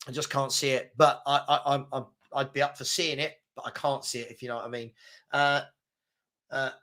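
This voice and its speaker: A man's voice: on the high side, pushed and bright. A man hosting a casual live football chat, reading out viewer comments in a rambling, slangy way and repeating himself. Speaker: football chat show host.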